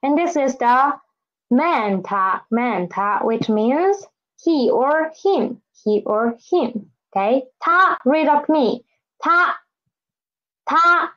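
A woman's voice: high-pitched, lively intonation, takes it slowly, dull audio. A woman teaching a beginner Mandarin lesson, drilling words patiently and repeating them for learners to echo. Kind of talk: online language lesson.

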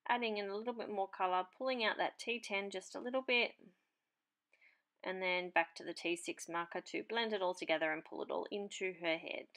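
A woman's voice: mid-range voice, fairly bright tone. A woman hosting a papercraft channel, chatting casually as she explains her marker colouring in a tutorial voice-over. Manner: chatty, unhurried, talks while working.

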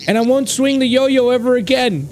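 A man's voice: extremely high pitch, moderate pace, a little mellow, a little hiss or hum, pitched above the performer's own voice. A man voicing a hurt, sulking caterpillar in a video game, reading its lines in a whiny, complaining way.

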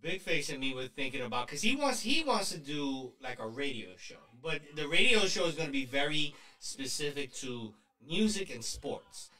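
Man, podcast co-host, casual chat, joking, bright tense voice, somewhat high. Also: roomy sound, far from the mic. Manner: lively, joking, quick shifts in pitch. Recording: voice set back from the mic.

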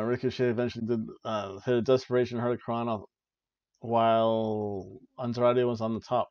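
A man's voice: medium pitch, no room sound, lo-fi sound. A young man hosting a wrestling review podcast, giving casual, joking play-by-play with lots of fillers. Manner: rambling, joking, frequent "uh" and "like".

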